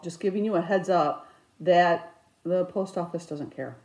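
A woman's voice: fairly low pitch, unhurried. Chatty woman crafter in an echoey room. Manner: chatty, rambling, animated with sudden outbursts. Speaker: cross stitch vlogger. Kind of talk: casual chat.

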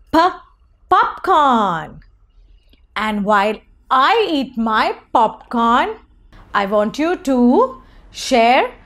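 A woman's voice: sits high, a bit bright. A young woman teaching small children letter sounds, calling them babies and coaxing them along in a sing-song teacher voice. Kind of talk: phonics lesson for small children.

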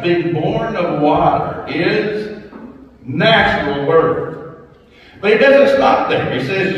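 A middle-aged man, a pastor, preaches in a casual, conversational way, dropping into soft asides and rising for emphasis. His voice sits a little high for a man. It is heard from far off in a church with a long reverb tail, on a dull, lo-fi recording. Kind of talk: sermon. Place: church sanctuary. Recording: distant echoey church hall, dull and lo-fi.

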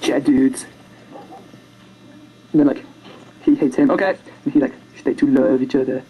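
A fast-talking amateur video maker casually retelling a film over rough sketches, rambling, self-mocking, and tripping over words. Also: mid-range voice, fairly even intonation, warm tone, rough recording. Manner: makes silly sound effects and character voices.

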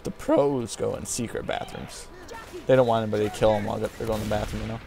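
A man doing casual let's-play commentary, excitable and full of yelps and exclamations. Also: lowish voice, fast, vocal fry, music in the background. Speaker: gameplay commentator.

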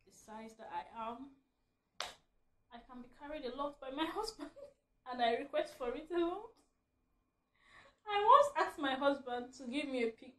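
A woman vlogger ranting at home, animated and laughing often as she talks. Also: high-pitched, echoey room. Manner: animated, laughing mid-rant. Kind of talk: ranting vlog.

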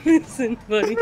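Brief: woman co-player, high voice with huge pitch swings, crude squealing banter over game music. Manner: squealing, laughing, crude jokes. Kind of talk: casual gaming banter.

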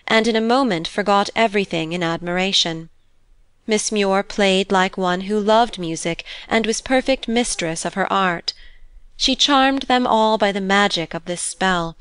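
Woman, audiobook narration, measured, expressive, smooth clear voice, dry close sound. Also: medium pitch, no echo. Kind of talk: scripted narration.

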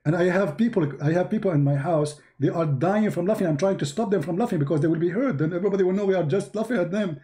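A man from the Middle East speaks English with an Arabic accent and a somewhat high, mellow voice. He hosts a livestream and tells stories in a mocking, animated way. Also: quick pace, hardly any pauses. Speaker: host. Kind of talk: livestream commentary.

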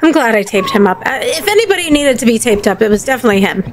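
A woman's voice: a little high, sing-song, racing. A woman giving horror game commentary, panicky, yelping and talking to herself. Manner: panicky, yelps and rambles to herself. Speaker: gaming commentator.

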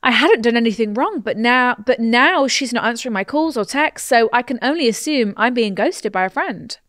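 A woman's voice: a little high, expressive, moderate pace, fairly bright tone, no echo, studio quality. A woman co-hosting a podcast, chatting casually about a listener's dilemma, with lots of fillers and restarts. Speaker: podcast co-host. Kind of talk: casual advice chat.

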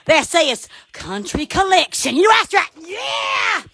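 Woman, very high voice, giggly, exclamatory livestream chatter, swooping lively pitch. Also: normal speed, raised voice, background noise. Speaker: livestream host. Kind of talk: casual Instagram livestream chat.

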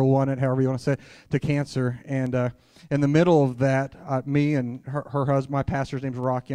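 A man's voice: mid-range voice, a little mellow, no room sound. A man preaching a sermon at a church conference, telling stories in a candid, conversational way and sprinkling in "hallelujah.". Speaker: guest preacher.

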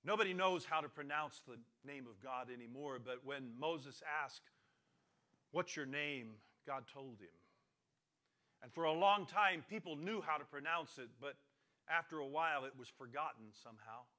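Male pastor, sermon delivery, slightly high, very bright voice, swings loud to soft, repeats phrases for emphasis. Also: normal speed. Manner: dramatic swings from loud emphatic lines to quiet near-murmurs; repetitive, preacherly phrasing.

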